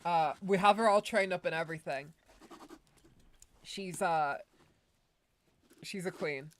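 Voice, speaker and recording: A woman's voice: fairly low pitch, slow pace. A woman streamer giving casual, rambling gameplay commentary, often correcting herself and laughing.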